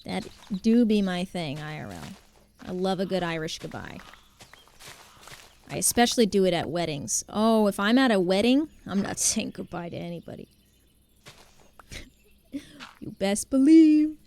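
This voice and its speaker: A woman's voice: fairly low pitch, sing-song, moderate pace, creaky, darkish tone. A woman streaming a game live, chatting casually, laughing often and answering her chat as she plays.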